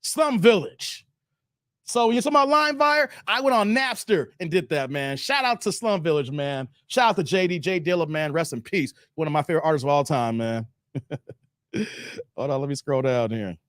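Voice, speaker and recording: Animated, high-pitched male live streamer. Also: moderate pace, no echo, clean studio sound. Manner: animated, laughs often, breaks into playful sung bits. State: voice strained from long streaming. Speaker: live stream commentary host. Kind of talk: casual live stream chat reading donations.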